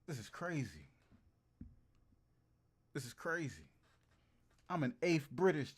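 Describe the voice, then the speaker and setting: A man's voice: on the high side, slow, slightly rough. Guy streamer yapping to chat, voice all over the place, says stuff twice, lots of slang. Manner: animated and repetitive, repeating phrases for emphasis; slangy and profane. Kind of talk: casual chat to a livestream audience.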